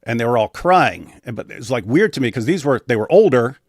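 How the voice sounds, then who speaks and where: A man's voice: mid-range voice, big pitch swings, a little fast, breathy edge, no echo, studio quality. A man as an interview guest, telling a personal story in a matter-of-fact way with frequent restarts. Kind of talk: casual storytelling in conversation.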